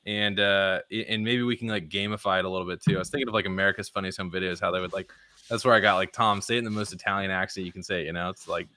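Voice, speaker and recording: A man's voice: low voice, steady tone, rapid-fire, pushed and bright, no echo. A man hosting a casual livestream, rambling loosely and laughing often. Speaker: host.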